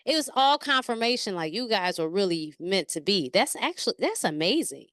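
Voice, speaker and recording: A woman hosts a casual interview in a smooth, clear voice. She keeps affirming her guest with enthusiasm. The sound is close and dry. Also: medium pitch, sing-song, brisk, fairly bright tone, no echo. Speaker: interview host.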